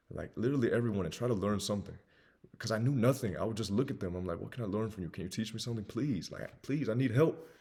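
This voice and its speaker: This twenty-something self-improvement host has a husky, fairly low voice with a slight Southern US lilt. In an earnest monologue he hammers home repeated phrases, moving from loud pushes to hushed, confessional asides.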